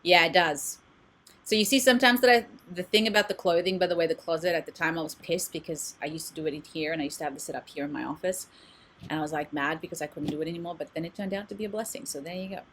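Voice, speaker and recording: A woman's voice: on the low side, quick pace, a bit bright, a little hiss or hum. Chatty woman giving a live card reading. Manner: chatty, candid, reads messages aloud. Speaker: oracle card reader and meditation channel host. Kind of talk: casual live-stream reading. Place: home closet set up as a recording studio.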